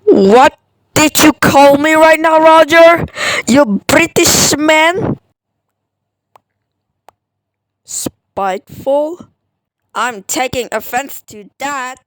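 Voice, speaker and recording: A spiteful little shrimp creature, voiced by a woman in a fan cartoon dub, high-pitched and snappish. He swings his voice up and down as he lists everything he hates, with a dry, close sound. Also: lively intonation, takes it slowly, a bit bright, no room sound, heavily acted. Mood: indignant.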